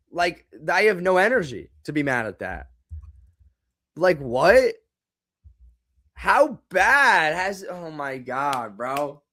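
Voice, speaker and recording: A man's voice: a little high, pushed and bright. A young man hosting a live football reaction stream, exasperated and repeating himself, now and then swearing. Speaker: live game reaction host.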